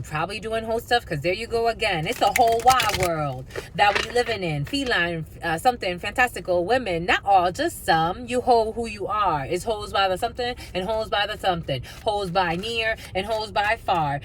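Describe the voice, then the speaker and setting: Profane, lively woman reading tarot. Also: mid-range voice, moderate pace, a little hiss or hum, poor audio. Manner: blunt, profane, sing-song asides and mocking put-on voices. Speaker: tarot energy reader. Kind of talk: casual tarot reading monologue.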